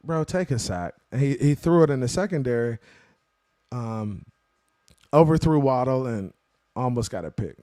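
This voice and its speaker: Excitable man hosting a sports live stream. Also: mid-range voice, normal speed, long pauses, dry recording, clean studio sound. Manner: slangy, animated, calls viewers "bro" and "man". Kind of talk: casual post-game sports talk, reading viewer chat.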